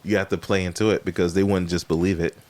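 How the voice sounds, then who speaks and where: A man's voice: low-pitched, level tone, fast, a little mellow, a little hiss or hum. A man, a comedian, chatting casually and frankly critiquing a friend's joke ideas, laughing often. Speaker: comedian giving feedback. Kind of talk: casual chat.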